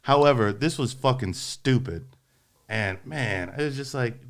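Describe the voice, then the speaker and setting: A man's voice: medium pitch, unhurried. A man hosting a podcast, chatting casually in a blunt, profane, joking way. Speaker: podcast host. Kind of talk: casual chat.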